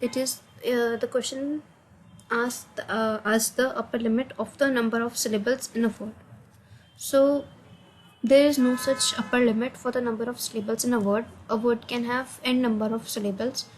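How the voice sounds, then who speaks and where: A woman with an Indian English accent walks through assignment answers, hesitant and filling pauses with "uh". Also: on the high side, steady tone, slight background noise, low-quality recording. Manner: hesitant, many uh fillers, non-native grammar. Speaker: student explaining assignment answers. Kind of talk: screen-recorded answer walkthrough.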